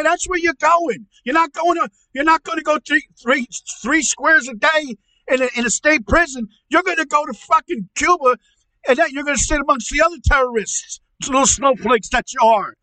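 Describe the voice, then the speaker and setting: Man playing an angry uncle, very high voice, piercing and tense, profane stammering rant. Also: normal speed, bright, forceful tone, no echo, rough recording. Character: loud ranting angry middle-aged uncle. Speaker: comedy podcast character.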